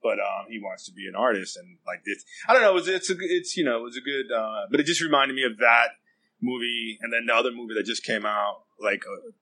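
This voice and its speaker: A man's voice: medium pitch, a little fast, sharp tone, poor audio. A man in casual chat who rambles with lots of fillers and dry humor.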